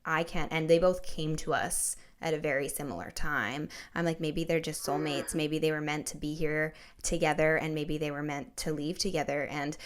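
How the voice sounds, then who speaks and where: A woman's voice: low-pitched, steady tone, moderate pace, hardly any pauses. A woman hosting a podcast, asking questions in an earnest, personal way. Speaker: podcast host. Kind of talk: conversational interview.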